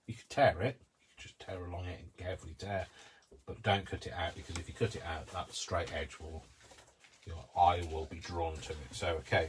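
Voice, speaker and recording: A man's voice: sits low, husky. A man hosting a live craft tutorial, talking casually through each step with rambling, self-mocking asides. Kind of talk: live-streamed craft demonstration.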